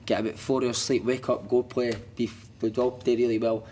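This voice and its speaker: Scottish male guest, quick, rambling, swears freely, ordinary pitch. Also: level tone, darkish tone, a little hiss or hum. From Scotland. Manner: rambling, sweary, says "mate" constantly. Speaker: podcast guest, former footballer. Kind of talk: casual storytelling.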